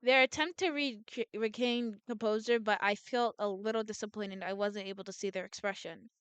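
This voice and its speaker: A woman's voice: medium pitch, steady tone, moderate pace, a bit bright, clear, resonant tone, no room sound. A woman reading a visual novel aloud as a gameplay streamer, voicing every character in her own voice and often restarting words.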